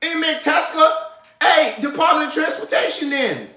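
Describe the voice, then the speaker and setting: A man's voice: extremely high pitch, moderate pace, bright, forceful tone, echoey room. A man hosting a live show, ranting about politics in a heated, slangy, profane way. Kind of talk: casual political rant.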